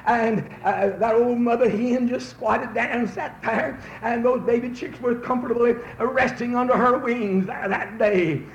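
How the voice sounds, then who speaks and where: High-voiced preacher man, folksy then shouting, roomy dull old recording w faint hiss. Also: steady tone, a little slow, few pauses. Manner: folksy storytelling that builds to fervent shouting. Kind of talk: fiery revival sermon.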